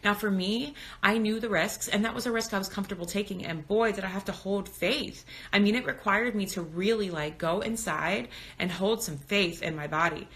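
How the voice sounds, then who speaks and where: Chatty woman in her thirties, bright voice. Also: mid-range voice, moderate pace, few pauses. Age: 30s. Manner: candid, talkative, reads comments aloud. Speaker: birth educator on Instagram live. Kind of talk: casual live-stream chat. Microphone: phone.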